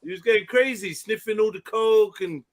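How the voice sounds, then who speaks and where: A man's voice: high-pitched, a crowd in the background. A man, hosting a live stream, teasing his guests in casual banter and laughing often. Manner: teasing, mocking, quick to laugh. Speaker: host.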